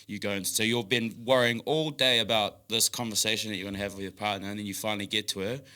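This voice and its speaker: A man in a casual podcast chat who talks in an animated way, swears freely, laughs between phrases and acts out the voices in his head. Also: on the low side, fast talker, clear, resonant tone.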